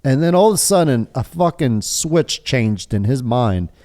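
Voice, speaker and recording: A man's voice: medium pitch, a little slow. A man co-hosting a casual podcast, telling stories animatedly and swearing often. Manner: profane, animated storytelling. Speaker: podcast co-host. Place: hilltop cabin.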